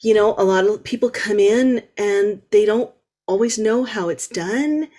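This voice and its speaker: A woman with a mid-range voice hosts a casual podcast interview. She talks in halting runs, restarting phrases and leaning on fillers as she builds her questions. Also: mid-range voice, dark tone. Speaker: podcast host.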